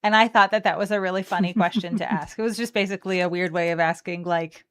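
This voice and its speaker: A woman's voice: lowish voice, fairly even intonation, quick pace, clear, resonant tone. A woman co-hosting a card game stream, chatting playfully and reading card text aloud. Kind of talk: casual chat opening card packs.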